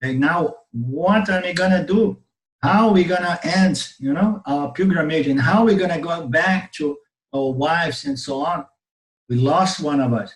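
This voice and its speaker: A worried, tearful pilgrim leader, as a man with a Brazilian Portuguese accent puts him on pleads in a slightly high voice. It is told within a spoken parable, and the audio has a noticeable room echo. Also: moderate pace, far from the mic, lightly acted. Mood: distraught. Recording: roomy webinar audio.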